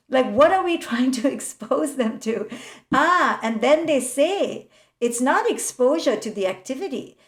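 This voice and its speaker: A woman psychologist talks as a podcast guest, with a fairly high voice. She tells lively stories and acts out parents' voices with frequent laughs. The room around her is echoey. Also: measured pace. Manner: animated storyteller acting out parents' voices, laughing often. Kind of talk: podcast interview conversation.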